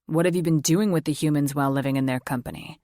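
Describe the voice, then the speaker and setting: A gruff older werewolf man with a scowl in his voice, as a woman reads him. He asks pointed, accusing questions in a low, heavy tone. Dry, close sound. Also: quick pace, warm tone, no echo, lightly acted. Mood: suspicious. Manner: accusing, probing.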